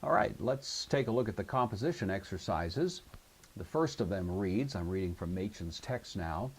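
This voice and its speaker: A man's voice: on the low side, lively intonation, normal speed, husky. A man teaching a grammar lesson, working through exercises methodically and explaining each form step by step. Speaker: Greek teacher.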